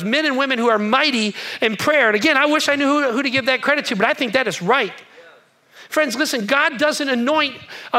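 Man, pastor, sermon, very high pitch, sharp bright tone, repetitive, church auditorium. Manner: preachy, repetitive, swings from soft to shouting.

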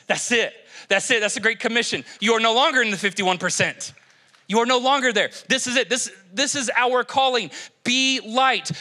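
A man from Kentucky preaching a lively, joking sermon to a church congregation on a handheld mic. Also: very high voice. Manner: energetic, joking, exhorting congregation. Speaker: pastor. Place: church stage.

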